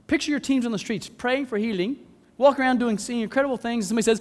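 A man preaching a sermon in a big hall with a long echo trailing behind him. His voice sits high and leaps about, dropping to a hush and then rising to cries as he acts out pleading voices. Dramatic and theatrical throughout. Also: animated, fast talker, few pauses. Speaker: pastor.

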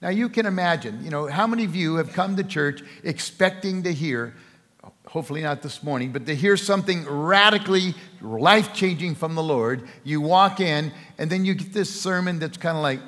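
A man with a slightly high voice preaches a Sunday sermon, telling a story with playful asides and voices for its characters. His words ring out with a long reverb through a large church sanctuary. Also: normal speed, a bit bright. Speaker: pastor.

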